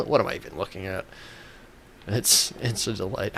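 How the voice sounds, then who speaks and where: A man's voice: lowish voice, lively intonation, unhurried, vocal fry, sharp tone, a little hiss or hum. A man giving comedic gameplay commentary as a gaming YouTuber, joking in a playful, mock-reverent way.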